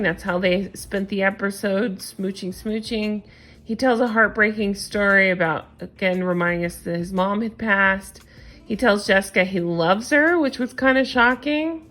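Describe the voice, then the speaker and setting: A woman's voice: mid-range voice, a bit bright. Sarcastic woman recapping reality TV. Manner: opinionated, sarcastic, exasperated. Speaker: recap host. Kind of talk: casual recap commentary.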